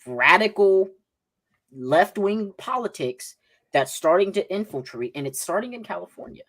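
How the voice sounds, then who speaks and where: Combative Southern man, lively pitch. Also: normal speed. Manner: combative, repeats "right?" often. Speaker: podcast host. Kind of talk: political livestream talk.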